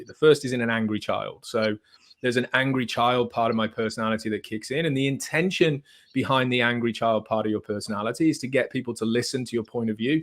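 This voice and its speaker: A man speaking as a psychotherapist guest on a podcast, calmly and methodically explaining therapy concepts. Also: medium pitch.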